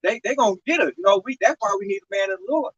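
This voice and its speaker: A man's voice: high-pitched, very fast, slightly rough. A man in a casual religious discussion, speaking emphatically and citing scripture. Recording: dull lo-fi sound.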